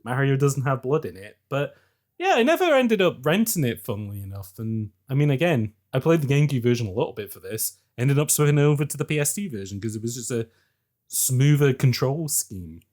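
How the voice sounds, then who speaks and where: A man co-hosting a casual podcast over a call, animated and quick to laugh, swinging between high and low. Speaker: podcast co-host. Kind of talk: casual chat. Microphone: remote call mic.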